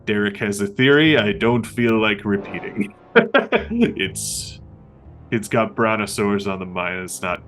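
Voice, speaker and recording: A man's voice: on the low side, a bit bright. Casual man playing a solo survival game. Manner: laughs often, swears, trails off and repeats himself. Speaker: player and podcast host. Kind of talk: casual tabletop game play with in-character journaling.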